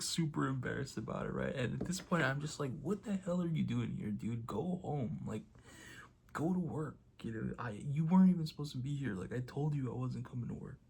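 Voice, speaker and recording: A man's voice: mid-range voice, vocal fry, slight background noise. A young man talking casually to camera in a motivational vlog, telling a story and acting out quotes. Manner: storytelling, acts out quotes loudly. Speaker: vlogger.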